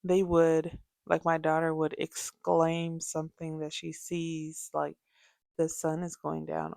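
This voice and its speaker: A young adult woman hosting a casual podcast, telling parenting stories with lively asides. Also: low voice, takes it slowly, gravelly, dry recording, studio quality. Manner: animated storytelling, acts out quoted voices. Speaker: podcast host.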